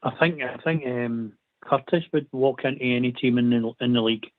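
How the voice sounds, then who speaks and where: A man's voice: mid-range voice, moderate pace, dry recording. A Scottish man calling into a football phone-in, repeating himself as he makes his point. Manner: repetitive, stumbling restarts. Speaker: caller. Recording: tinny phone line.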